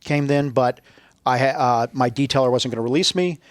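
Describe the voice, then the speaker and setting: Fast-talking man telling profane stories. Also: mid-range voice, no room sound. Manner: animated, profane storyteller acting out quoted people. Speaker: podcast guest, retired Navy SEAL. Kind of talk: casual storytelling interview.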